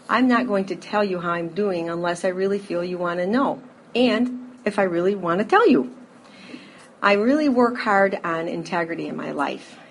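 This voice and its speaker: Middle-aged woman, personal testimony, lively storyteller, acts out scenes, faint background noise. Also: medium pitch. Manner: lively storyteller who acts out scenes, with frequent fillers and laughs. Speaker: speaker sharing a recovery story.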